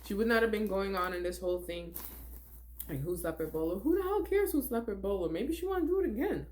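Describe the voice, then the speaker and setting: A woman's voice: mid-range voice, expressive, fast talker, a little mellow. A young woman giving blunt, exasperated commentary on a reality TV episode, laughing often as she reacts. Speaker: reality TV recap vlogger.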